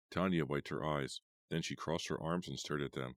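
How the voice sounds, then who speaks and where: A man narrating an audiobook in an expressive storytelling manner. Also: a bass voice, normal speed, dry recording.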